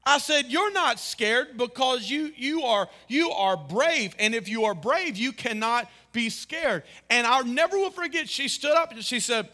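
A man in his thirties preaches from the pulpit in a high, bright voice. He tells stories with emphatic bursts and sudden rising exclamations. His delivery is that of a pastor's sermon. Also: animated, unhurried, hardly any pauses. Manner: emphatic, storytelling, rises to loud exclamations.

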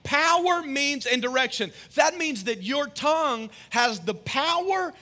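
A man's voice: very high voice, animated, unhurried. A man in his thirties preaching a sermon as pastor, telling family stories with emphatic, rising exclamations. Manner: emphatic, storytelling, rises to loud exclamations.

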